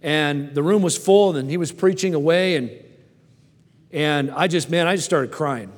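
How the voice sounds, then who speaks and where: A man's voice: a little high, unhurried. A man in his forties preaching a sermon and telling personal stories in a folksy way, often stammering and restarting, and asking the audience questions. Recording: long hall reverb.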